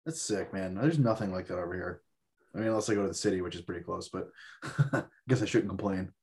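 A man's voice: low voice, quick pace, darkish tone, breathy edge. A man in his thirties telling a rambling, profane story in casual chat, full of fillers. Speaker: podcast guest.

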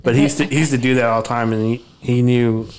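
A man's voice: mid-range voice, steady tone, fast, a little mellow, clean tone. A man from Dallas, hosting a podcast and telling rambling stories with laughter. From Oak Cliff, Dallas, Texas. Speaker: podcast host. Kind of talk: casual chat, storytelling.

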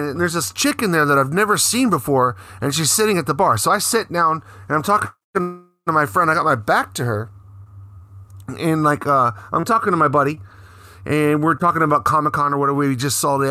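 A middle-aged man co-hosting a podcast, telling a story in a profane, animated way and acting out the quotes. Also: on the high side, no echo, studio quality. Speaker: podcast co-host. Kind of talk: casual storytelling chat.

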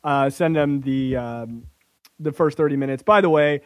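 A man's voice: medium pitch, moderate pace, smooth, no room sound. A man hosting a podcast, chatting in a brash, profane way and laughing often. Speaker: podcast host. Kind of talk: casual profane comedic chat.

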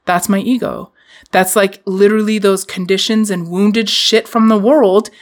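A woman's voice: mid-range voice, fairly even intonation, brisk. A woman hosting a podcast, giving a candid, casual motivational talk and swearing freely. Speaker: podcast host.

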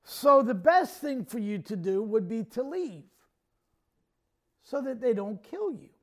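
Man voicing a chill no-nonsense mom, matter-of-fact, kinda high voice. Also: expressive, a little slow. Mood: calm. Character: calm, no-nonsense older mother.

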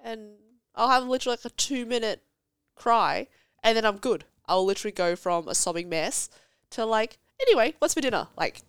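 A woman's voice: medium pitch, normal speed, a bit bright, clean tone, no room sound, studio quality. A woman in her thirties, a podcast guest chatting casually and telling stories with laughter and expression. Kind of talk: casual chat.

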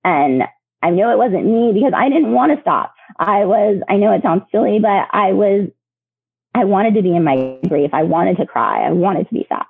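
Guest in her thirties, gravelly husky voice, chatty and laughing, heard over a dry phone-like line. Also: mid-range voice, moderate pace, no echo. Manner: chatty, many fillers, laughs often. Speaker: podcast guest. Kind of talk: personal storytelling.

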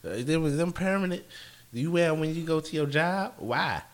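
A man's voice: on the high side, animated, a little fast. A man co-hosting a podcast in casual chat, blunt and joking. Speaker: podcast co-host.

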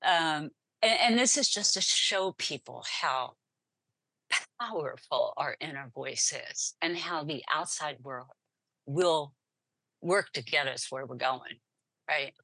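A middle-aged woman with a low, husky voice tells her story with animation, laughing often and acting out the voices around her. The sound is dry and close. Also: animated, takes it slowly, sharp tone, no echo. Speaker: podcast guest. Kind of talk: storytelling in an interview.

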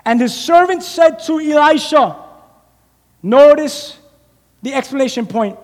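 A man's voice: very high-pitched, animated, normal speed, pauses often, darkish tone. A man preaching a sermon, animatedly acting out the scripture story as he tells it. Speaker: pastor. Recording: long reverb of a large hall.

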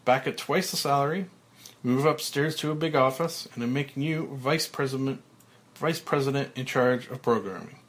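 A man voicing a panicked, manic middle-aged TV executive who shouts in a shrill voice. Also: normal speed, close to an everyday voice. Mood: elated.

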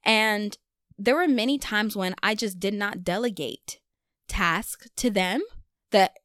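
Young woman, vlogger, casual confessional chat, animated, self-deprecating, dry close recording. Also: mid-range voice, takes it slowly, dry recording.

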